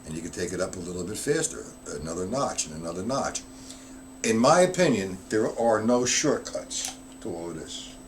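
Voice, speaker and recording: A man's voice: low voice, sing-song, normal speed, a little hiss or hum. Man counting beats while teaching drums. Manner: explains step by step, counting beats aloud; answers viewers' chat comments directly. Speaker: drum teacher. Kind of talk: live-stream drum lesson.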